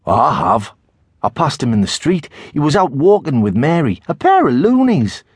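Man voicing a Tyneside teen boy, high lively voice, gossipy, exaggerating, dry close sound. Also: moderate pace, breathy edge, no room sound, exaggerated voice. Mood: gleeful gossip. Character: cheeky excitable teenage boy from Tyneside. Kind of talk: audiobook character voice.

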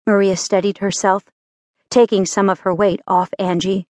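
In studio-quality, dry sound, a medium-pitched woman reads scripted narration for a romance audiobook, keeping her storytelling measured and even.

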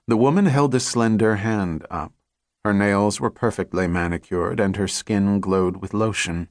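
Male audiobook narrator, low voice, dry studio sound, measured thriller read. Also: no echo.

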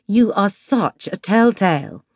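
A woman's voice: medium pitch, expressive, unhurried, darkish tone, no echo, clean studio sound. A woman narrator voicing an upper-class English young woman who talks through barely parted lips in amused tones.

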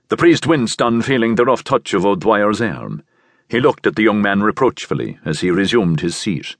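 A man narrating an audiobook novel with expressive storytelling. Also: deep voice, moderate pace, no room sound, studio quality.

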